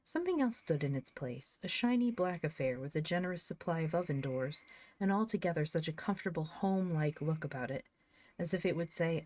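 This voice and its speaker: A woman narrating an audiobook of a children's classic in a lively, expressive reading. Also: low-pitched, a little fast. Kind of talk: scripted storybook reading.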